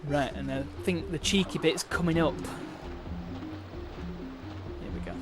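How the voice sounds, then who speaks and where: A man's voice: on the high side, unhurried, over music. Chatty man streaming a game. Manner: chatty, playful and self-mocking. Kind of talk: live game-stream commentary.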